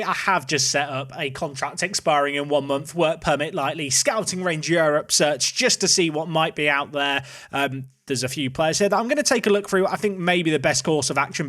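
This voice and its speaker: A man's voice: fairly high pitch, a bit bright. A man hosting casual gameplay commentary, chatty and thinking aloud as he plays. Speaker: host.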